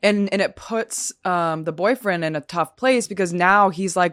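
A woman's voice: on the low side, fairly bright tone, no room sound, clean studio sound. A young woman guest on a podcast, chatting casually and agreeably. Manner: agreeable, quick to back up the host.

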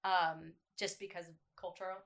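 A woman working as a voice coach, explaining technique in a relaxed podcast chat, with many fillers. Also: on the low side, normal speed. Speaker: voice coach guest.

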